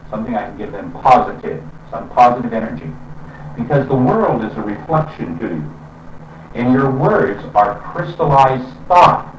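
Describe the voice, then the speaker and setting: A man giving a reflective spiritual talk in an unhurried way, with pauses and fillers. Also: medium pitch, slight background noise. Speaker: spiritual teacher. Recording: roomy, distant and dull lo-fi sound with faint ambience.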